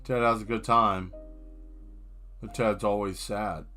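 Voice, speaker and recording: A man's voice: lowish voice, steady tone, takes it slowly, sharp tone, soft background music. A man chatting casually on a live stream while he draws, rambling and riffing on jokes. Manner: rambling, joking riffs. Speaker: streaming artist.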